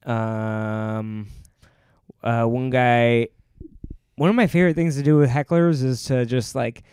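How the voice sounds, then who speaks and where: A stand-up comedian rambles through stories from the road on a podcast, teasing himself and slipping into quick voices for the bits. His voice is smooth and clear, recorded close and dry with no room around it. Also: mid-range voice, steady tone, darkish tone, no echo. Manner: rambling, self-mocking, acts out bits in voices. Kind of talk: casual podcast chat.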